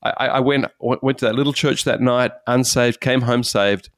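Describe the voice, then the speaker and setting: A man, a pastor, giving an earnest, animated personal testimony in conversation. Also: mid-range voice, normal speed, dry recording, studio quality. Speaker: pastor and guest speaker.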